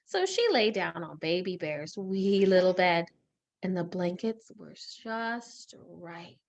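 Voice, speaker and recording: A woman teacher reading a story aloud in a lesson, expressive and asking questions. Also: lowish voice, slow pace, muffled recording.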